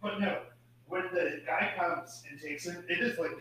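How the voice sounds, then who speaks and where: A man with a high-pitched, bright, forceful voice speaks a little slowly as he retells a movie's story on a podcast he co-hosts. Rambling and laughing often, he swears freely; the audio is roomy with a distant mic and faint noise.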